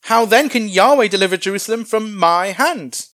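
A man voicing a brash, boastful male military commander who shouts mocking taunts loudly. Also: very high voice, lively intonation, quick pace, no echo, pitched above the performer's own voice. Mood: boasting. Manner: loud, mocking, bragging.

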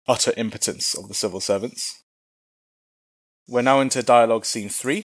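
A man's voice: mid-range voice, steady tone, fairly quick. A man giving an informal Bible lesson in a chatty, humorous way with casual slang. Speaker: Bible teacher.

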